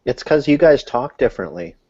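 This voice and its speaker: A man's voice: medium pitch, big pitch swings, fairly quick, highs cut off, heavy background noise. A man from Canada chatting easily on an online panel with a wry touch. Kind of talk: casual panel chat. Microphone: video call.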